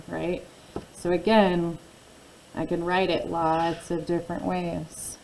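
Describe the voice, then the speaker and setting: Woman, teacher, phonics lesson, mellow dark voice, faint room hiss, patient and repetitive. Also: on the low side, little pitch movement, creaky, low-quality recording. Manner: slow, patient, repeating words and asking questions.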